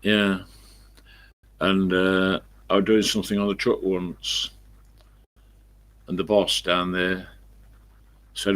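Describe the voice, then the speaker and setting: Rambling low-voiced East Midlands man. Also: flat delivery, slow pace, long pauses, a bit bright. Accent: East Midlands English. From England. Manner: rambling, chatty anecdotes. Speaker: live streamer. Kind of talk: casual live-stream chat answering viewers. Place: home, at his computer. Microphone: desk microphone he leans away from.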